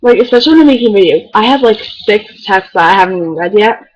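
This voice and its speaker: A woman's voice: mid-range voice, animated, fast, muffled recording. A teenage girl chatting casually to the camera, rambling and filling her talk with "like". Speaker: beauty vlogger. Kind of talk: casual chat.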